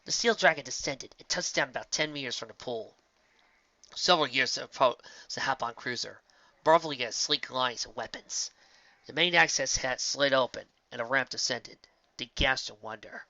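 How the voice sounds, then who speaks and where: A man's voice: medium pitch, moderate pace, sharp tone, no room sound. A man reading fan fiction aloud in a plain way, with small slips and restarts. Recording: dull lo-fi recording.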